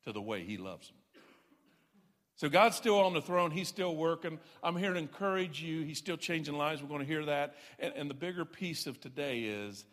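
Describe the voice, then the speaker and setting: A man delivers an emphatic, folksy sermon, often self-deprecating. His voice sits on the higher side. A long reverb from a big hall trails his words. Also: expressive, normal speed, a bit bright. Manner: folksy, self-deprecating, emphatic preaching with repeated "I'm telling you". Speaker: pastor.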